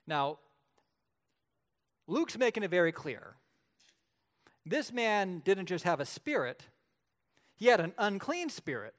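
Man, preacher, sermon, fairly high pitch, animated storytelling, loud-soft swings. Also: measured pace, long pauses. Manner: lively storytelling preacher, shifts between loud and quiet. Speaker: pastor.

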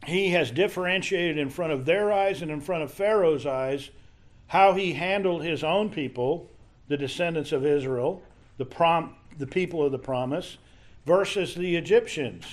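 A man teaching a Bible study lesson in a halting, conversational way, often restarting his sentences. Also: fairly high pitch.

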